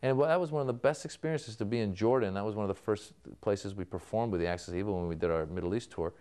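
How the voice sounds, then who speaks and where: A man, a comedian, talks through an interview in a storytelling manner, acting out old exchanges with people. His voice sits on the lower side and comes across smooth and resonant. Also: fast talker, a little mellow. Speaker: comedian guest. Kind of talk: interview answers.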